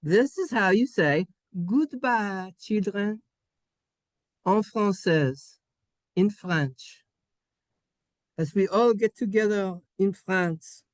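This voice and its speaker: A man teaching a Hebrew class, playful and sing-song, sounding out letters and syllables slowly for his students. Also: high-pitched, lively intonation, no echo. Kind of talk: classroom lesson. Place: synagogue classroom.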